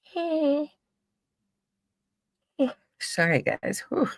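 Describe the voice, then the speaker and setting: A woman's voice: high-pitched, big pitch swings, extremely slow, dry recording, studio quality. A woman hosting a live true crime stream, chatting casually and rambling with frequent laughs.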